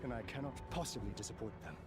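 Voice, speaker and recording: An actor playing a pompous, fussy gentleman in a video game, speaking in formal, old-fashioned phrases. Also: lowish voice, animated, very fast, loud music behind the voice, lightly acted. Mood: haughty. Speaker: game character. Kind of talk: voiced video game dialogue.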